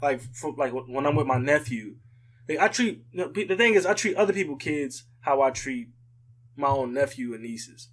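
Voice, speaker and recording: A man co-hosting a casual podcast conversation, telling stories in an animated way and laughing often. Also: on the high side, normal speed. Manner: animated storyteller who laughs often, with frequent "like" fillers. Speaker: podcast co-host.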